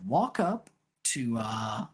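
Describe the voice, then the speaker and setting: Tyment is a scheming officer who speaks low and smooth, as a game master puts him on. His pitch swings widely while he quietly charms his recruits, and the voice has a husky edge. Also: sing-song, heavily acted. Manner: low, measured, conspiratorial delivery.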